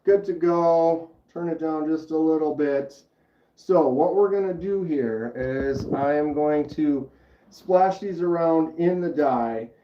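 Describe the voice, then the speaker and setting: A chatty man walks viewers through a hands-on demonstration, reading the chat aloud as he goes. His voice sits a bit higher than most men's. The recording is roomy and slightly dull. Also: slow pace, far from the mic. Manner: chatty, explains steps and reads chat aloud. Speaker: livestream host. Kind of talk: casual livestream demonstration.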